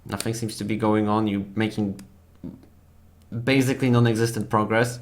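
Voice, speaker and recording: A man's voice: fairly low pitch, fairly even intonation, moderate pace, slight background noise. A young man narrating a tabletop game as game master, rambling with many fillers and restarts.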